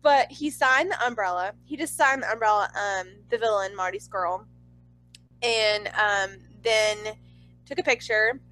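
A young woman telling a story in a chatty, excitable way, full of "like.". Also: medium pitch, a little slow, faint music behind, poor audio. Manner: chatty, excitable, heavy use of "like". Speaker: vlogger. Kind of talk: casual storytelling.

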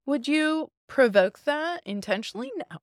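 A woman therapist guest in an interview, talking in an upbeat, animated way and often checking in with "right?". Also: sits high, moderate pace, no room sound, clean studio sound. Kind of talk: conversational interview.

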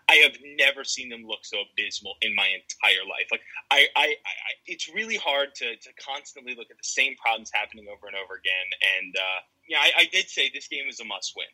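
A man's voice: medium pitch, pushed and bright, breathy edge, rough recording. A man contributing to a sports podcast, talking in an exasperated, stammering way with dramatic storytelling. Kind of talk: casual sports podcast chat.

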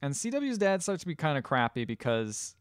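A man co-hosting a podcast, casually retelling a movie's plot with lots of filler words and quick acted-out quotes. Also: fairly high pitch, very animated, clean tone, no echo, studio quality. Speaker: podcast co-host. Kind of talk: casual chat recapping a movie.

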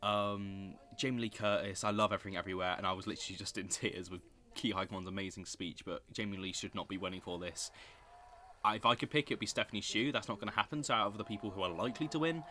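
Speaking fast in a lowish voice, this young man reacts live to an awards show with strong opinions. He's excitable and given to loud outbursts.

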